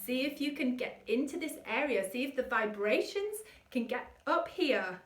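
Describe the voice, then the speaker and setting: A woman voice coach leading an energetic vocal warm-up and demonstrating the exercises herself. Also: high voice, normal speed, reverberant, distant mic, heavy background noise.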